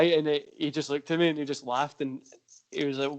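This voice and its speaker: A man's voice: medium pitch, flat delivery, brisk, clear, resonant tone. A man with a Scottish accent, hosting a wrestling chat show, laid-back and rambling as he tells stories. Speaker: podcast host. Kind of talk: casual chat.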